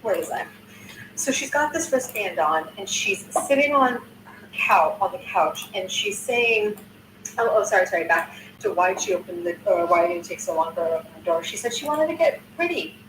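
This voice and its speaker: A content creator in her sixties recaps a news video casually and indignantly, swearing often and restarting sentences. Her voice is mid-range with lively intonation at a normal speed, recorded from a distance with roomy sound and faint noise.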